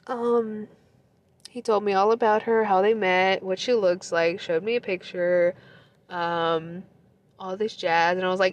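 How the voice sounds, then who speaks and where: In a dry recording, a young woman slowly tells the story of her breakup, her mid-range voice steady but pausing often. She's emotional and near tears, swearing plenty and laughing through the tears in a casual, profane way.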